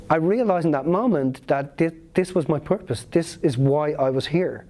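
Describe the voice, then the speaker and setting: A man's voice: fairly high pitch, lively intonation, normal speed, a little mellow. A man speaking at a seminar, telling a personal story in an earnest, emotional, vivid way.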